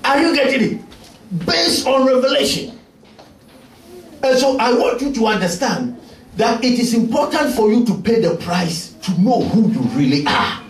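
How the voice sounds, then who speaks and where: A male pastor preaching a sermon in a church, emphatic and often shouting. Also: extremely high pitch, lively intonation, normal speed, a little hiss or hum. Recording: echoey church from far off.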